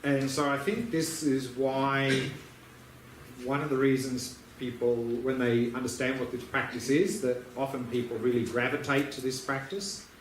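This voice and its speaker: A man's voice: medium pitch, flat delivery, moderate pace. Man, meditation teacher, patient, repetitive, echoey room, faint hum. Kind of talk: dharma teaching Q&A.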